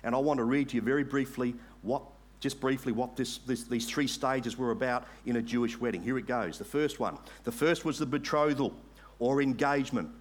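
A man preaching a sermon, making earnest appeals to the congregation and reading scripture aloud slowly. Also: medium pitch. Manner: earnest, rising to emphatic appeals.

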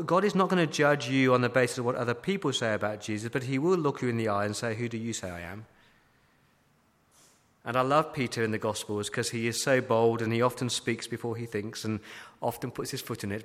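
A man's voice: mid-range voice, a little fast, fairly bright tone. A man preaching a sermon as pastor, emphatic, asking repeated rhetorical questions. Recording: long hall reverb.

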